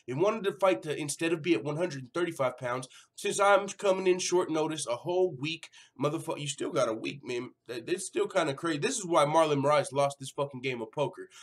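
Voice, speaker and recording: A man hosting an MMA news vlog, talking casually, swearing freely and acting out the quotes. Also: a little high. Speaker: MMA news channel host. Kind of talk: casual profane commentary vlog.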